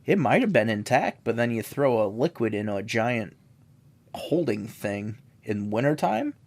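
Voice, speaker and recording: A man's voice: medium pitch, sing-song, a little slow. A man from the American Midwest co-hosting a comedic history podcast, loose and casual, swearing and laughing often. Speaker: podcast co-host.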